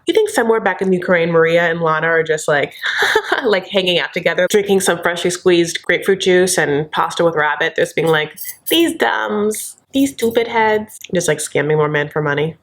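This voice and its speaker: A woman hosting a comedic reality-TV recap vlog, sassy and gossipy, calling viewers honey and acting out quotes. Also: lowish voice. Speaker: host.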